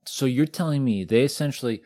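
A man's voice: mid-range voice, a little fast, dark tone, no echo. A man co-hosting a podcast in casual chat, dropping wry, sarcastic quips. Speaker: podcast co-host.

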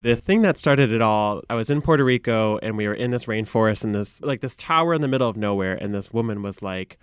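A man's voice: on the low side, animated, brisk, smooth, no echo, clean studio sound. A man with a Michigan accent, a content creator, telling a casual story animatedly and acting out the voices of the people he quotes.

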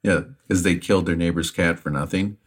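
A man's voice: deep voice, fairly even intonation, a little fast. A man co-hosting a podcast who reacts to stories with short exclamations and reads out fan questions. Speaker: podcast co-host. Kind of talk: casual chat, reading fan questions.

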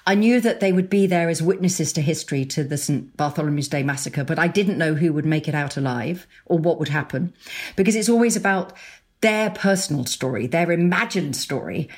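A middle-aged woman novelist speaking as a guest in a casual interview. Her voice sits on the lower side, and she talks in an animated, tumbling way, often restarting her sentences and breaking into laughter. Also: fairly quick.

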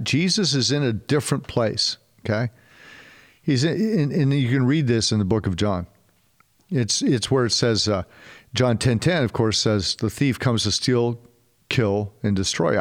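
A man preaching a sermon in a casual, animated way, with slangy asides to his listeners. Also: medium pitch, creaky. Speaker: pastor.

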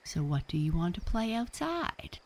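A woman's voice: on the low side, big pitch swings, normal speed, background noise, pitched above the performer's own voice. Chirpy little bunny boy who loves books, woman reading it, swoopy voice. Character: bookish cheerful boy bunny.

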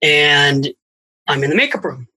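A middle-aged man, a financial author and podcast guest, tells anecdotes in a lively way with quick asides. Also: on the high side, husky, rough recording. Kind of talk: storytelling in a podcast conversation.

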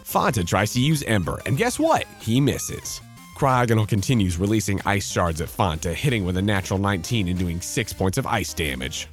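A man with a fairly low voice narrates a tabletop game battle. His delivery swoops up and down as he reads out each dice roll, with faint music playing underneath. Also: fairly quick, few pauses. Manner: lively storytelling, reading out dice rolls.

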